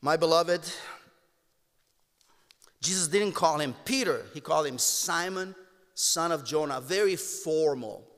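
A man with a Romanian accent preaching a sermon to his congregation, impassioned, calling them "my beloved" and swinging between hushed tones and raised exclamations. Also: a little high, measured pace, pauses often. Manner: impassioned, addresses listeners as "my beloved". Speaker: pastor. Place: church sanctuary. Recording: long church hall reverb.

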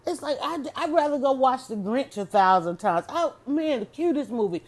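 A woman chatting casually on her own, animated and exclamatory, often restarting her sentences. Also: sits high, normal speed. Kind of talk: casual solo chat.

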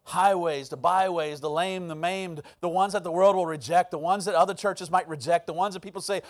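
A man's voice: high-pitched, brisk, hardly any pauses. A man preaching a sermon as pastor, telling a personal story and acting out the voices in it. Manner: storytelling, acts out quoted voices.

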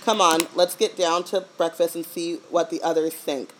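A woman's voice: lowish voice, level tone, moderate pace, a little hiss or hum, poor audio. A woman co-hosting a podcast in a casual, playful chat, joking and laughing often. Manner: playful, laughs a lot, jokes. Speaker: podcast co-host.

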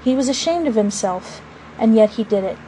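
A woman narrating a classic storybook aloud in a measured, expressive way. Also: on the high side, a little hiss or hum, poor audio.

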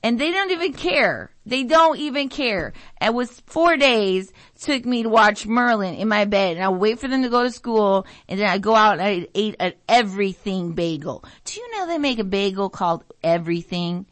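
A woman's voice: normal speed, few pauses, dry recording. A middle-aged American woman hosting a talk radio show, rambling through a story, mimicking family members, and sniffling from allergies. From United States. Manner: animated storytelling, mimics family voices, jumps pitch for emphasis. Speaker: radio show host, nurse.

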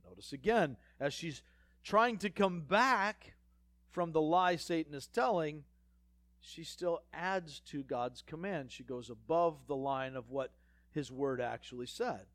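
Dry-voiced preacher with sarcastic asides. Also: male voice, on the high side, measured pace, fairly bright tone, dry recording. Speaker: pastor. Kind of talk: sermon.

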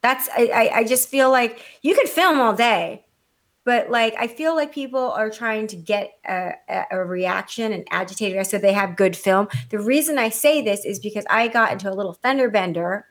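An adult woman with a mid-pitched voice tells a story in casual chat. She is blunt and animated and swears freely. A condescending edge she owns up to runs through her talk. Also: moderate pace. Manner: self-described condescending.

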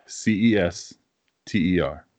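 A man's voice: sits low, takes it slowly, a little mellow, dry recording. A man with a New England accent, co-hosting a casual podcast chat in a blunt, teasing way and swearing freely. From Massachusetts, New England. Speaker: podcast co-host.

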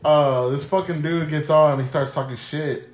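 High-voiced profane storyteller man. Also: moderate pace, reverberant. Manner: profane, animated, laughing while telling. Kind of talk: casual storytelling.

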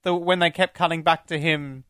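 A man's voice: a little high, fairly even intonation, moderate pace, fairly bright tone, no room sound. Man, podcast co-host, casual film talk, easygoing, laughs often, dry close recording.

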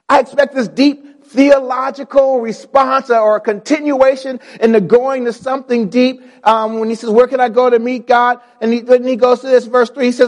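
Pastor guy with a really high voice preaching, call and response, big echoey church hall. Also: fairly even intonation, normal speed, hardly any pauses. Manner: call-and-response preaching, repeats words, rising to shouts. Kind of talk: preaching a sermon.

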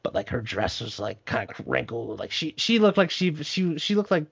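A man's voice: medium pitch, big pitch swings, moderate pace, creaky, fairly bright tone, breathy edge, lo-fi sound. Rambling, cursing young man. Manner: rambling, profane, heavy on fillers. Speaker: storyteller. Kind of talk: casual chat.

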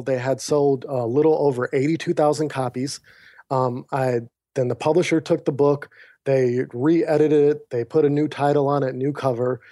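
On a remote call, a male podcast guest with a slightly high voice shares a personal story conversationally. Animated throughout, he voices the other characters in his quoted dialogue and frequently drops the host's name mid-sentence.

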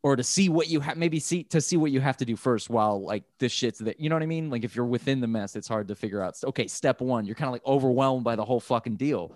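An American man co-hosts a casual podcast, rambling, swearing and animated as he talks fast with few pauses. His mid-range voice comes through in clean studio sound with no room noise.

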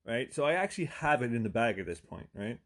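A man's voice: mid-range voice, big pitch swings, fast talker, fairly bright tone. A man with an Irish accent, hosting a podcast and telling a profane comic story in a chatty way, full of "right?" asides and sudden bursts of emphasis. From Ireland. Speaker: podcast host.

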